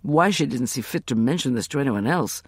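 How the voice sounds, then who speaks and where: Man voicing an earnest young son, explaining, lively pitch, dry close sound. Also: fairly quick, husky, no room sound.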